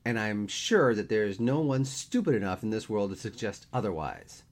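A man voicing a brisk, snappy woman in her mid-thirties who talks fast and indignantly in a storybook reading. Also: lowish voice, animated, voice pushed up.

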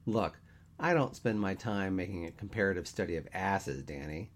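A man playing a deadpan, teasing guy in his thirties, dry and wry with his friend. The voice is lowish with lively swings in pitch in a read-aloud story. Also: normal speed. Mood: deadpan, exasperated.

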